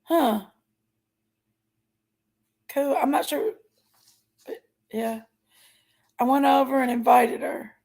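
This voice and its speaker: Chatty woman with a gravelly voice. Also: sits high, slow pace, pauses often, a little mellow. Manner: chatty, greets viewers by name, folksy. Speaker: livestream host. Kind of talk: casual livestream chat.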